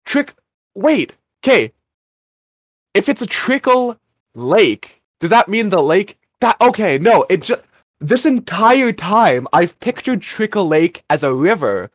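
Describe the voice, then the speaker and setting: A man's voice: on the high side, very animated, measured pace, no echo, clean studio sound. A young man co-hosting a podcast, chatting casually about a radio drama episode and wandering off on self-interrupting tangents. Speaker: podcast co-host.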